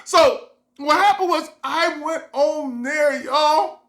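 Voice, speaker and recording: A woman vlogger telling a comic story in loose, repetitive casual phrasing, breaking into animated exclamations. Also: sits high, slow, reverberant.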